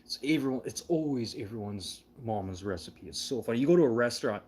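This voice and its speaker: A man's voice: mid-range voice, expressive, fast, darkish tone, slightly rough. A man telling rambling, casual stories, swearing freely and laughing as he goes. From Canada. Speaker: show host. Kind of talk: casual storytelling chat.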